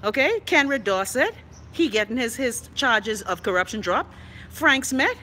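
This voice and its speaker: Outspoken Bahamian woman with a bright voice. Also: fairly high pitch, very animated, a little slow, a little hiss or hum. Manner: outspoken, profane, sassy, laughs often. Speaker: livestream host reading viewer comments. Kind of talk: casual live-stream chat.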